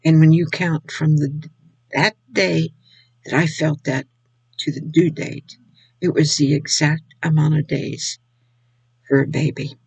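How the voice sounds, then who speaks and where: An older woman shares her faith testimony, slowly and haltingly, often repeating herself. Her voice is gravelly and a little husky. It is recorded close and dry. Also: low-pitched, steady tone, a little mellow, dry recording, poor audio. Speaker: Christian video speaker.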